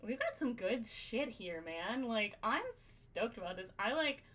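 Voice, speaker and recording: A woman's voice: a little high, animated, a little slow, a bit bright. A woman hosting a podcast, brainstorming in casual chat, swearing freely and thinking aloud with lots of fillers. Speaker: podcast host.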